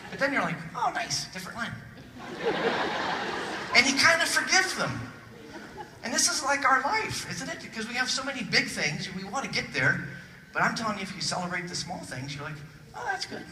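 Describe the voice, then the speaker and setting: A man giving a humorous motivational keynote to a conference audience, jokey and animated, acting out little voices. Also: very high-pitched, fairly quick, long pauses. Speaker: keynote speaker. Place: large conference hall with audience. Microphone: phone recording from the audience. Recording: distant phone recording in echoey hall. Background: audience laughter and crowd noise.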